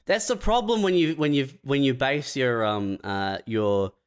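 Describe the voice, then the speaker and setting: Man, mid-pitched voice, loose joking cohost banter. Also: measured pace, smooth. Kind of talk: casual podcast chat.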